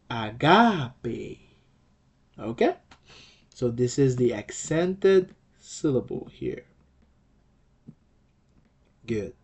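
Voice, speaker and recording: A man's voice: mid-range voice, warm tone. A man teaching a language lesson, explaining patiently, repeating key points and checking in with "okay?" as he goes.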